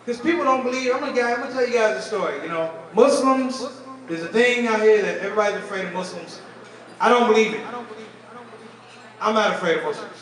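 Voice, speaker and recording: A man doing stand-up comedy at a fundraising dinner, telling animated stories and talking straight to the crowd. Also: high-pitched, fairly quick. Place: banquet hall at a fundraising dinner. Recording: echoey hall, distant mic, crowd. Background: audience laughing and murmuring.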